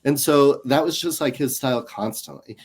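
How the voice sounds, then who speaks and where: A man's voice: mid-range voice, normal speed, gravelly, slightly rough. A man, a comedian guest on an interview show, telling stories in casual chat and acting out the voices of people he quotes. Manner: animated, acts out quoted voices.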